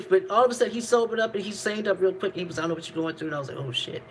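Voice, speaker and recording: A woman's voice: mid-range voice, racing, slight background noise, poor audio. A woman vlogger telling a candid personal story, rambling and profane, laughing between lines.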